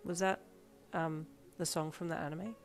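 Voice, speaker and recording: A woman voicing a quiet, apathetic teenage girl who speaks softly and hesitantly. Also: low-pitched, fairly even intonation, moderate pace, faint music behind. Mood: shy. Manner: soft, hesitant, casual.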